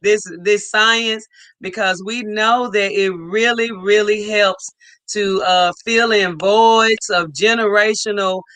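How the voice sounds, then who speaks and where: A woman's voice: medium pitch, steady tone, slow pace, a bit bright, no echo. A woman co-hosting a casual livestream, enthusiastically reading out viewer comments. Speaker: livestream co-host.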